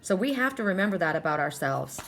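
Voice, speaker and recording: A woman's voice: lowish voice, sing-song, fast talker, a bit bright. A woman giving a spiritual oracle card reading to her viewers. She is earnest and emotional, often restarts and repeats phrases.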